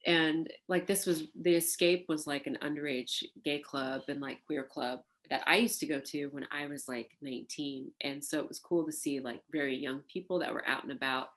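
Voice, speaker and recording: Woman, low voice, interview storytelling, lively, laughing, lots of fillers. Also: moderate pace, few pauses. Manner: animated, laughing, acts out quoted voices, many fillers. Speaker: burlesque performer interviewed for an oral history.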